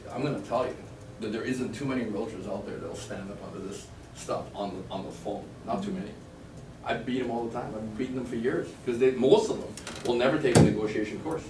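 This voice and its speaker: Leading a seminar lecture on sales negotiation for a live class, a lowish-voiced man tells animated stories and performs phone calls. The training room is echoey, the mic is far off, and there is faint noise.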